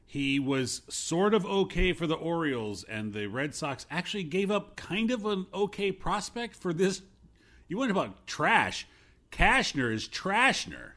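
A man's voice: sits high, normal speed. A man with a New York accent in a casual sports chat, cracking sarcastic jokes. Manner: sarcastic, jokey, animated. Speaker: podcast co-host.

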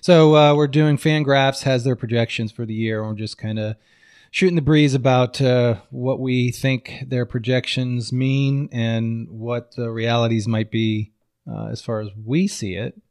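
A man's voice: mid-range voice, fairly even intonation, unhurried, a little mellow, clean tone, no echo, clean studio sound. A man co-hosting a podcast in easygoing, agreeable casual chat. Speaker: podcast co-host.

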